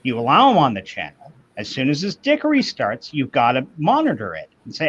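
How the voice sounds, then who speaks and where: A man chatting casually on an online show, giving opinions in slow, drawn-out phrases and acting out the voices he quotes. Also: medium pitch, wildly swooping pitch, a bit bright, breathy edge. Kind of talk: casual chat. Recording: dull lo-fi audio.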